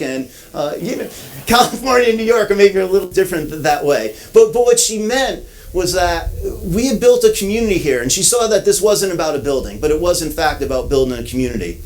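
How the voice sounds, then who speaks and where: A man's voice: high-pitched, lively intonation, brisk, a little mellow, rough recording. A man with a slightly raised voice tells a story at a groundbreaking ceremony. He often restarts and repeats himself as he goes along, keeping it easy for the crowd. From Connecticut, US. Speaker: event speaker. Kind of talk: ceremony speech with anecdotes. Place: outdoor ceremony.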